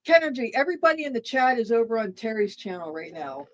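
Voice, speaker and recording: A woman's voice: on the high side, very animated, fast, poor audio. A woman co-hosting a casual livestream chat, rambling and repeating herself while she eats dinner. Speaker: livestream co-host.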